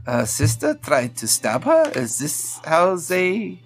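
A man narrating as game master of a tabletop game in a loose, relaxed way with many fillers. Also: on the high side, takes it slowly.

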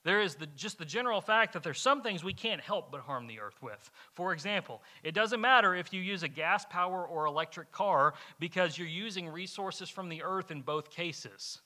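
A man's voice: high voice, animated, moderate pace, hardly any pauses, sharp tone. A male pastor from Kentucky preaching a conversational sermon, often repeating words as he talks.

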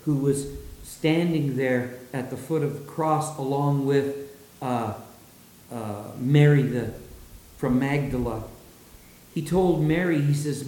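Male preacher, dramatic sermon delivery, unhurried, recorded with a roomy echo. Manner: dramatic, drops low and soft for quoted words.

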